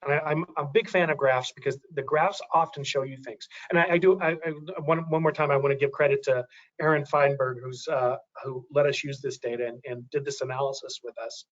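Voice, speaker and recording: A man's voice: mid-range voice, fairly even intonation, a little fast, highs cut off. A man giving a webinar presentation, talking through graphs, thinking aloud with many restarts and fillers.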